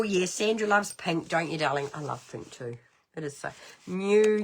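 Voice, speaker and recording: A middle-aged woman with a New Zealand accent hosting a casual card-making livestream, chatty and rambling, with sudden high exclamations. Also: animated, moderate pace. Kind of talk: casual craft livestream chat.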